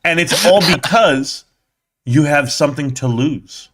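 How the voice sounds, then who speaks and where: A man in his forties hosting a live stream, teasing his guest with animated, excitable banter. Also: a little high, a little slow, a loud crowd. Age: 40s.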